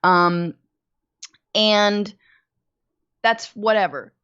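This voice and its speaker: A woman guest on a political comedy chat, making mocking, deadpan jokes. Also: medium pitch, drawn-out words, clean tone, lo-fi sound.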